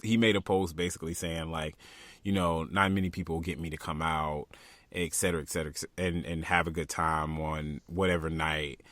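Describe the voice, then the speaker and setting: A man's voice: very deep voice, little pitch movement, fairly quick, fairly bright tone, dry recording. A young man co-hosting a podcast in casual chat, laid-back and jokey, laughing often. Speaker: podcast co-host.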